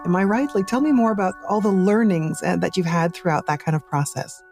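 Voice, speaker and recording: A woman's voice: lowish voice, fairly quick, over music. A woman hosting a podcast interview, asking curious questions and affirming her guest. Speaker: podcast host.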